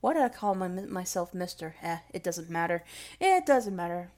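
A woman's voice: lowish voice, very animated, moderate pace, darkish tone. A young woman rambling casually and emotionally in a vlog, self-deprecating and swearing freely. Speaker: vlogger.

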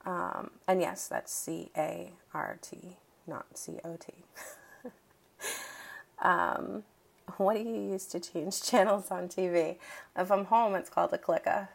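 Young adult woman, Boston accent, low and very gravelly voice, casual and wry vlog chat. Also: steady tone, slow. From Boston, Massachusetts. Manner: chatty, wry, with frequent ums and light laughs. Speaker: accent challenge vlogger.

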